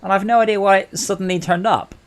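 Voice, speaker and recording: A man's voice: sits high, fast. A man hosting a late-night gaming stream, rambling and telling jokes in casual chat. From England. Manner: rambling, animated storyteller. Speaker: streamer host.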